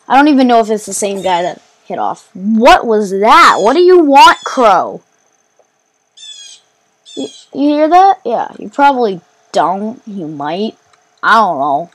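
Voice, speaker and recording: A woman giving let's play commentary while gaming, excitable, rambling and quick to mock herself. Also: fairly high pitch. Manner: excitable, self-mocking, rambling. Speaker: gamer.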